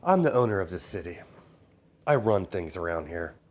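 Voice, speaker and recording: A man voicing a cool, confident young male crime boss who talks calmly and smugly, fairly low-pitched. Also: moderate pace.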